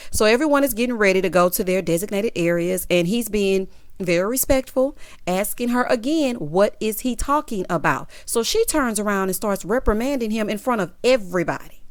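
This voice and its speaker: Southern woman, middle pitch, dry close sound, sassy, expressive recap host. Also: no echo. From American South. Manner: sassy, expressive, quick to react with laughter and asides. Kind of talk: casual reality TV recap.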